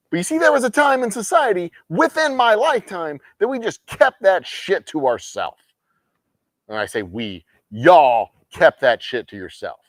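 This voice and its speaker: Profane, animated man ranting on a stream. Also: sits high, normal speed, dry recording, studio quality. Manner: profane, animated ranting with sarcastic mock quotes. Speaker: host of a game night stream. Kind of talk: casual ranting chat on a livestream.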